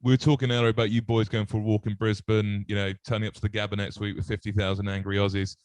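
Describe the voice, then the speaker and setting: Brief: male host, lowish voice, relaxed questions, dry close mic. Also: quick pace, no echo. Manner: easygoing, asks rambling questions. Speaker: podcast host. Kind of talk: casual interview.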